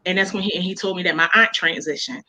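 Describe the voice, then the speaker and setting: A woman's voice: lowish voice, fast, pushed and bright, poor audio. A woman author talking casually as an interview guest, telling emotional personal stories with many fillers and restarts.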